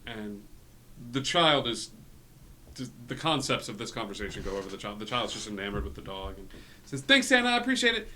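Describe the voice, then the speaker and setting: Bright-voiced man narrating a tabletop game. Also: on the low side, slight background noise. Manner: loose, halting narration with many fillers. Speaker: game master.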